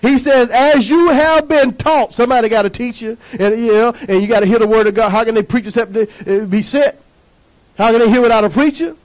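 High-voiced preaching pastor, call-and-response. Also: male voice, fast talker, darkish tone, poor audio. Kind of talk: sermon.

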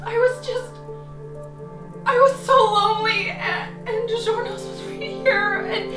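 A woman doing a shrill pleading wife. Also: steady tone, a little slow, loud music behind the voice. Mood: guilty. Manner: pleading, stammering. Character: guilty, lonely, shrill young wife. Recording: echoey and distant.

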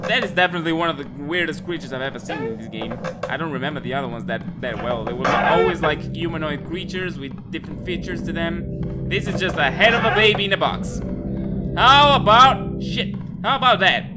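Jumpy, high-voiced man playing a horror game. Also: quick pace. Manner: jumpy, yelps and swears at scares. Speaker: gaming video creator. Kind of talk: horror game let's play commentary. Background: loud game music.

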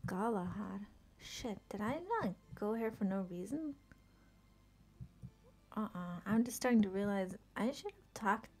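A woman's voice: mid-range voice, measured pace, long pauses, darkish tone, husky. A young woman streaming herself playing a game, chatting casually and often laughing and muttering to herself. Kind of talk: casual live-stream commentary while playing.

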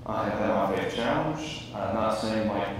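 A man's voice: lowish voice, normal speed, slight background noise. A man on a conference panel, sharing his testimony in a candid, reflective way. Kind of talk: personal testimony. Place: large conference hall. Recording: distant voice in echoey hall.

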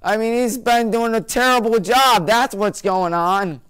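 A man's voice: sits high, unhurried, a bit bright, clean tone. A male sports talk show host rattling off his weekly game picks in a joking, opinionated way, with mocking nicknames for teams.

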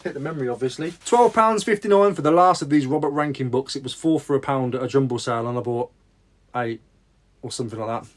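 A man's voice: medium pitch, quick pace. A man chatting casually in a vlog about his sales, rambling and making self-deprecating asides. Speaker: reseller vlogger.

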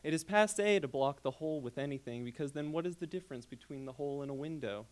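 A young adult man reading his short story aloud at a graduate reading, delivered as a persuasive second-person sales pitch. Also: animated, fast, a little mellow, rough recording.

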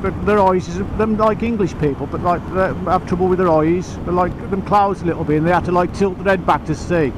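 A man's voice: high-pitched, brisk, hardly any pauses, background noise. A man with a Black Country accent, rambling and laughing in casual chat while out on a motorcycle, talking over a helmet intercom. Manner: rambling, chatty, laughs a lot. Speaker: motorcycle vlogger. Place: outdoors on a motorcycle.

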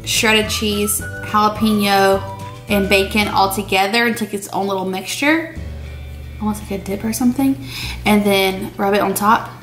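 A young woman cooks in her home kitchen and chats casually with viewers, calling them "y'all," in this relaxed cooking vlog. Her voice is mid-range and fairly bright, with fairly even intonation and a moderate pace, over soft background music.

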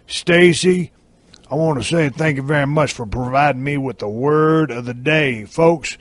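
A man's voice: a little high, measured pace, dry recording. A man, hosting a podcast and telling a profane comic tale in a brash, swearing style. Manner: brash and swearing, with drawled emphasis. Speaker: podcast host. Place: camper trailer.

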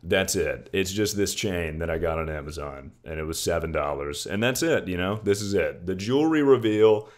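A young male streamer talks at a moderate pace with few pauses, his voice very deep. His casual livestream is easygoing and full of jokes and free swearing, and he refers to his chat as "dude" and "brother."

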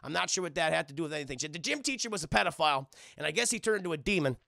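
Gravelly, high-voiced streamer ranting to chat. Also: male voice, lively intonation, racing, bright, forceful tone, no room sound, clean studio sound. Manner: profane, rambling, addresses chat. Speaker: streamer reviewing anime. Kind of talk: casual recap to live chat.

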